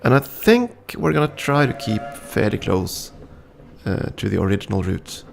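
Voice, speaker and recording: A man's voice: on the low side, very animated, normal speed, creaky, soft background music. A man casually commenting on a story game and reading its text aloud, thinking aloud with frequent ums. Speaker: game streamer.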